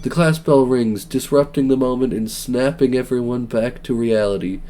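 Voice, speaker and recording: A young man streaming a dating game, reading it aloud with excitable, joking reactions. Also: mid-range voice, moderate pace.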